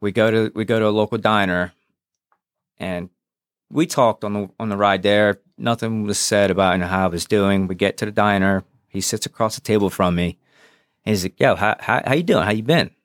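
Man, low voice, frank storyteller, swears freely, very dry sound. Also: fairly even intonation, normal speed, smooth, no echo. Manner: frank and profane, re-enacts dialogue. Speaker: podcast guest, former police officer. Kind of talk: candid personal storytelling.

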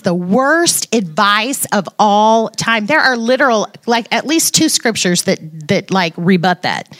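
A woman's voice: mid-range voice, lively intonation, measured pace, fairly bright tone, no echo, clean studio sound. A woman giving an informal devotional talk to a women's Bible study, chatty and self-deprecating, with playful asides.

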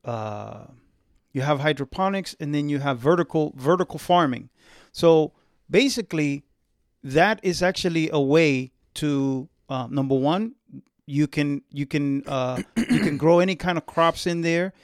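A man co-hosting a casual discussion, explaining in halting bursts with many fillers. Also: a little high, dry recording, studio quality. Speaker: podcast co-host.

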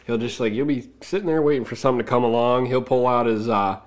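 A man's voice: medium pitch, fairly even intonation, quick pace. Easygoing man telling hunting stories. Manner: easygoing, anecdotal, laughs at his own stories. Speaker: podcast guest. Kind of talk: casual storytelling.

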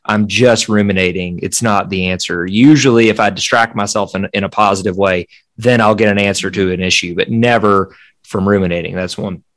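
A man's voice: lowish voice, steady tone, fairly quick, a bit bright, dry recording. A man co-hosting a podcast, talking casually and candidly about his own habits. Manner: candid, self-deprecating. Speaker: podcast co-host. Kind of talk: casual conversation.

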